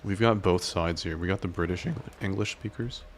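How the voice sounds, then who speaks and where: A man casually commenting on his gameplay and chatting with his viewers in a relaxed way. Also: low voice, brisk, a little hiss or hum. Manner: relaxed, chatty, talks to chat. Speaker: game streamer.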